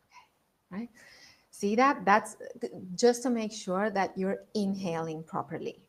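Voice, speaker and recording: This leadership coach, a woman with a mid-range voice, speaks unhurriedly in her online masterclass. She calmly takes listeners through breathing exercises and restates her key points.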